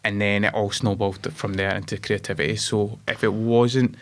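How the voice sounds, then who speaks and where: A man's voice: fairly low pitch, flat delivery, normal speed. Emotional Scottish man telling his story. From Scotland. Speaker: guest. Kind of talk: storytelling interview.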